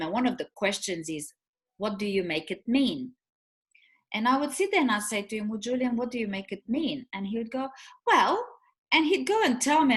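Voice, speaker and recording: A woman's voice: mid-range voice, fairly bright tone. Chatty woman co-host telling stories. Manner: chatty storytelling with fillers and restarts. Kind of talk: casual chat.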